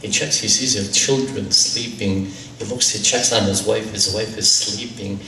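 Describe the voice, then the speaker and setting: A man's voice: fairly low pitch, fairly even intonation, normal speed, gravelly, pushed and bright, slight background noise. A man giving a dramatic storytelling sermon, narrating in the first person and reciting Arabic supplications with mounting intensity. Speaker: lecturer. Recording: roomy hall, distant mic, faint ambience.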